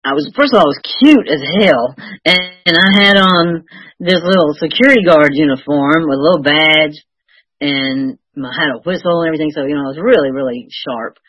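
A woman's voice: deep voice, fairly quick, fairly bright tone, slightly rough, no echo, low-quality recording. An older woman sharing her recovery story with wry, self-mocking humor. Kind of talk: personal testimony, storytelling.

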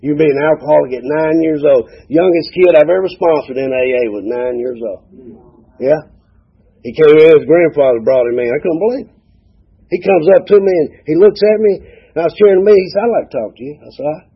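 A man's voice: fairly high pitch, a little fast, breathy edge. A man, sharing a folksy, humorous personal story at a recovery meeting, acting out the dialogue. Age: 40s. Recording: dull lo-fi recording.

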